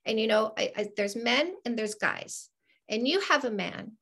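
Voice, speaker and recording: A woman dating coach from Canada hosts the conversation in a gravelly voice with lots of fry. She pitches slightly high and speaks in a measured, encouraging way, offering affirmation and advice. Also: expressive, a bit bright. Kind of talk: interview chat.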